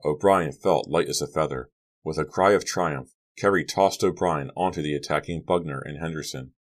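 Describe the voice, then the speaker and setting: A man narrating a young-adult horror novel as an audiobook reader, steady and dramatic. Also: rumbling low, moderate pace. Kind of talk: scripted narration.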